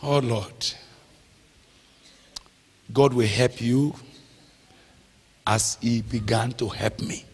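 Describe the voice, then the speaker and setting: Slow emphatic preacher in a hall. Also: male voice, medium pitch, fairly even intonation, breathy edge. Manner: slow, emphatic, drawn-out phrases with call-and-response questions. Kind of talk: sermon teaching. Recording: long hall reverb.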